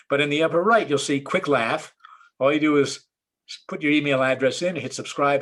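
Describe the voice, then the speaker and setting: A rabbi and comedian talking casually to an online audience, trading jokes and stories. His voice is slightly husky, and his delivery stays loose, with plenty of ums and false starts. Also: mid-range voice. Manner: relaxed storyteller, many fillers and restarts. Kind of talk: online talk telling jokes.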